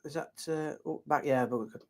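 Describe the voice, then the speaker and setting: A man with a Yorkshire accent chats to his students on a live stream as their geography teacher, upbeat and loose, with plenty of fillers and restarts. His voice sits a little high for a man, and he talks into a desk mic at his computer. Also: brisk. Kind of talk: casual live stream chat.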